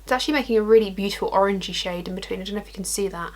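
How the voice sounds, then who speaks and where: Racing along at a medium pitch, a young woman narrates her makeup tutorial while facing a mirror. As a vlogger she keeps things chatty, drifting into rambling asides and cracking self-deprecating jokes.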